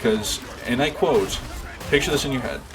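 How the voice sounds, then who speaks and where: A man's voice: mid-range voice, expressive, normal speed. Guy rambling while he plays, average voice, game noise going in the back. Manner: rambling, many fillers and restarts. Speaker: streamer. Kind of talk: casual chat while gaming.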